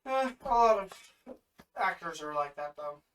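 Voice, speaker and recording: High, animated male co-host throwing in short questions and asides, a bit off-mic. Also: measured pace, far from the mic. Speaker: podcast co-host. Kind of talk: casual podcast chat.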